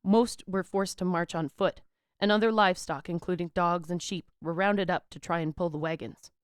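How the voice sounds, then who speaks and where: A woman narrating history for a podcast in a loose, irreverent way, full of slang and small stumbles. Her voice is smooth and clean. It sits dry and close on the mic. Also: lowish voice, steady tone, moderate pace, no room sound. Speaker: podcast co-host.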